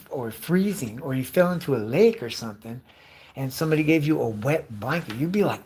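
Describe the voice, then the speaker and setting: A man in his late forties ranting in a casual, profane, rambling way, often breaking into loud mimicked voices. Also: mid-range voice, lively intonation, brisk, husky. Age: 40s. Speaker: live streamer.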